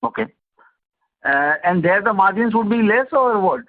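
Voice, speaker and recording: A man asking halting, filler-heavy questions as an analyst on an earnings call. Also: high voice, animated. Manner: halting, many fillers and restarts. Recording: phone-like conference line.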